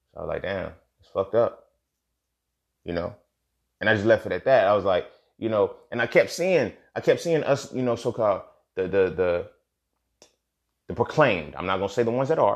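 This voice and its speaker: A young man hosting his own podcast, talking bluntly and with plenty of profanity. He repeats lines for emphasis and keeps checking in with "you feel me.". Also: fairly low pitch. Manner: frequent "you feel me" asides. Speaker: podcast host. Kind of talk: candid solo podcast monologue.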